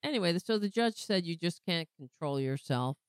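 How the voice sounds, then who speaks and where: A woman hosting a casual political commentary show, talking sarcastically and rambling, her voice going hoarse. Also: fairly low pitch, expressive, no room sound. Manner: sarcastic, rambling, slow-paced. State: losing her voice, clearing throat. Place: home, pet on lap.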